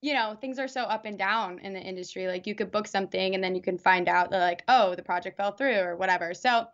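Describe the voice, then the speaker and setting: A young actress chatting as an interview guest, rambling with lots of fillers and restarts. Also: female voice, medium pitch, fast talker, lo-fi sound. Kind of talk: casual interview.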